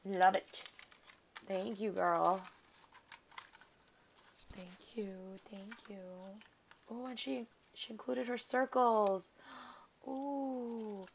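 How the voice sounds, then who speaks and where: A woman vlogger casually chatting as she unboxes craft mail at her desk, gushing and excitable, thanking over and over. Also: a little high, drawn-out words, vocal fry, long pauses, a little hiss or hum, poor audio.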